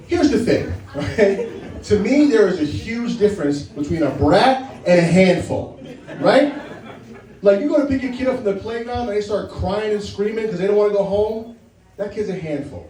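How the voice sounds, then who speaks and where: High-voiced man doing punchy stand-up. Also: warm tone, echoey room, far from the mic, low-quality recording. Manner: punchy, teasing, keeps asking "right?". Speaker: stand-up comedian. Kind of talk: stand-up set.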